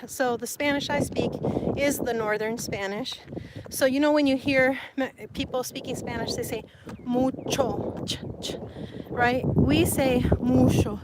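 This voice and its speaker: A woman's voice: high-pitched, steady tone, normal speed, heavy background noise. A woman from Sonora, Mexico, chatting casually with viewers on a livestream, laughing often and mixing Spanish words into her talk. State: sweaty and hot. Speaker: livestream vlogger.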